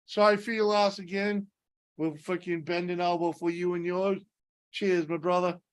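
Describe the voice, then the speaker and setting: A man's voice: high voice, flat delivery, normal speed, smooth. Laid-back man greeting viewers. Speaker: livestream host. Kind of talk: casual livestream chat.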